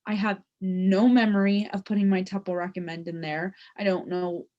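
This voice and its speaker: A young adult woman presents a personal story to her class. She talks in a loose, conversational way and leans on "like" and "um" as she goes. Her voice sits at an ordinary middle pitch. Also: steady tone, moderate pace, darkish tone, dull audio. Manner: conversational, with frequent "like" and "um" fillers. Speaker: student presenter.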